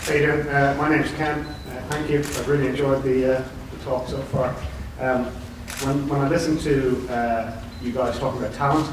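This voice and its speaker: A man's voice: medium pitch, steady tone, moderate pace, few pauses. A man in the audience of a conference asks a question from the floor, hesitant and thoughtful with many fillers. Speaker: audience member asking a question. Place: university conference hall. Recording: distant, very echoey hall with noise.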